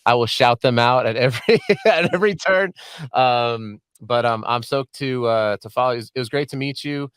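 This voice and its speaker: A man's voice: medium pitch, normal speed, fairly bright tone, clean tone, no room sound. A man hosting a podcast from a home studio, chatting casually and joking often with his guest. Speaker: podcast host. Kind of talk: casual interview chat.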